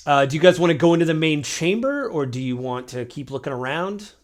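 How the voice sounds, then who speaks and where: A man's voice: fairly high pitch, lively intonation, fairly quick. A man running a tabletop game as game master, narrating loosely with lots of fillers. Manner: loose, rambling, full of fillers.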